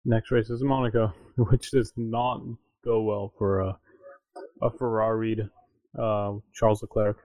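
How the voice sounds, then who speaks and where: Low, dark-voiced laid-back male co-host. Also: little pitch movement, unhurried, no room sound, muffled recording. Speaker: podcast co-host. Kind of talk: casual chat.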